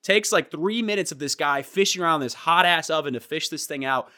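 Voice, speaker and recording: Young guy with a bright forceful voice, chatty and animated, telling a story. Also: fairly high pitch, brisk. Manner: animated, laughing storyteller acting out quotes. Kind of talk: casual storytelling chat.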